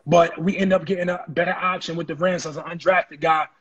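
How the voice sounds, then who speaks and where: A man telling his story in an interview, animated and acting out the voices of people he quotes. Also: on the high side, fairly quick, slightly rough, muffled recording. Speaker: interview guest, former football player. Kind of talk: casual storytelling.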